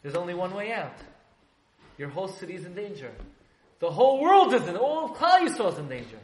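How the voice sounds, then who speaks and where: A man's voice: sits high, very animated, fairly quick. A man playing a stern, exasperated elderly sage who scolds and gives orders emphatically. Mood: commanding. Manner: emphatic, scolding, then commanding. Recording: echoey room, faint background noise.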